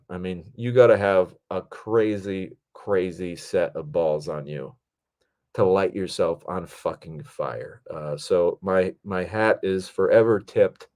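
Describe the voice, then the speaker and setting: Guy director telling set stories, kinda low voice, cusses a lot, really into it. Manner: animated, profane, enthusiastic. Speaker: podcast host, film director. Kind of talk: casual storytelling.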